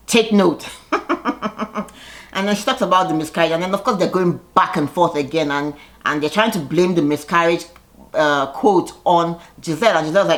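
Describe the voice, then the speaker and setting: A woman giving a casual, gossipy recap of a reality show, chatty and animated when she quotes people. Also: on the low side.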